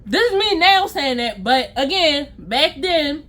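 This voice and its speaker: A young adult woman, casually telling a storytime vlog, animated and slangy, laughing at herself. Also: sits high, a little slow. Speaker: storytime vlogger.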